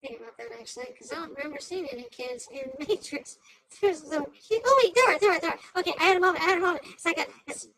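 In a rough recording, a high-pitched woman voices a manic female AI cartoon host who chatters on about a news clip, lurching from shouting to muttering as she rambles.

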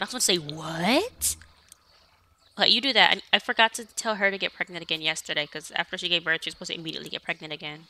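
A woman's voice: lowish voice, fast, bright, forceful tone. Chatty young woman narrating her gameplay. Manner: chatty, talks to her game characters. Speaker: let's play streamer. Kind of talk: casual gameplay commentary.

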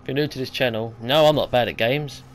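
A man hosting a gaming channel, commenting live on his own play, talking to himself with mounting frustration and sudden loud outbursts when he fails. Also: medium pitch, fast.

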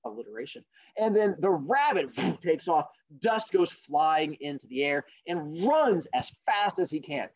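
A man hosting a podcast, telling a fable in a casual, jokey, animated way. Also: a little high, unhurried, dull audio. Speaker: podcast host. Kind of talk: casual storytelling.

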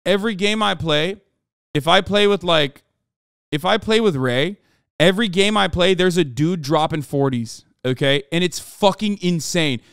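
A man streaming live, chatting casually in an animated, profane, rambling way full of restarts. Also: high-pitched, normal speed, clear, resonant tone, dry recording, clean studio sound. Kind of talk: casual livestream chat.

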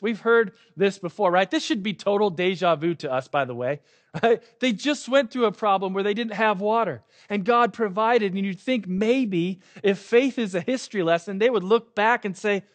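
A man's voice: sits high, moderate pace. A man preaching a sermon as pastor, conversational and often checking in with "right?".

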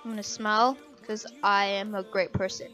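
A woman giving live commentary over her own gameplay. She is excitable, shrieks and laughs at scares, then chats on and apologizes a lot. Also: mid-range voice, moderate pace, soft background music. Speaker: gaming channel host.

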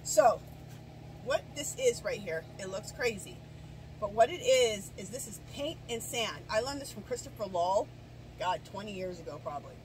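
A woman's voice: medium pitch, animated, normal speed, a little mellow, a little hiss or hum, rough recording. A middle-aged woman with the hiccups, chatting casually and rambling through a do-it-yourself garden tutorial outdoors, with the camera set down some way off. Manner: chatty, rambling, many restarts and asides. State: hiccups and coughing. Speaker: garden vlogger. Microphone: camera set down at a distance.

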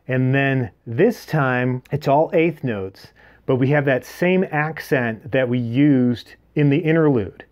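A man's voice: mid-range voice, darkish tone, highs cut off. A man giving a guitar lesson, explaining chords and strums plainly and counting beats aloud as he plays. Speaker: guitar teacher. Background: his own acoustic guitar playing.

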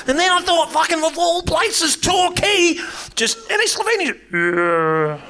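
A middle-aged man from New Zealand with a New Zealand accent, doing a brash, sweary stand-up set and loud crowd work on a comedy club stage. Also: very high voice, lively intonation, slow, noisy background.

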